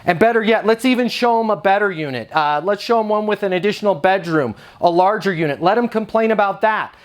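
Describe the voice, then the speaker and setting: A man with a notably high-pitched voice coaches property managers, and he is punchy and emphatic throughout. He sounds to be in his thirties and often slips into quick acted-out exchanges to make his point. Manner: punchy, emphatic, acts out quick dialogue examples. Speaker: property leasing trainer. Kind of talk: energetic coaching talk to camera.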